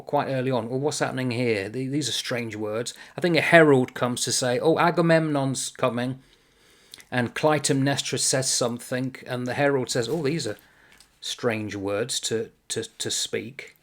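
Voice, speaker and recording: A man talking through an old tragedy in a relaxed, unscripted way. His voice sits in a middle pitch. He wanders between points, stops to rephrase, and picks the thread back up. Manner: thoughtful, meandering, self-correcting. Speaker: book reviewer. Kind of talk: casual literary explainer.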